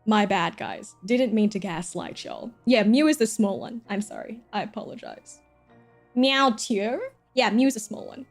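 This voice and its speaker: A woman's voice: mid-range voice, normal speed, soft background music. A young woman streamer chatting casually, rambling and giggling, swearing freely.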